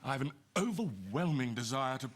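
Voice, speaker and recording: A man's voice: mid-range voice, big pitch swings, a little fast, heavy background noise, close to an everyday voice. An actor playing a pompous, bossy, self-regarding man who talks down to others in a TV sitcom. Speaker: sitcom character.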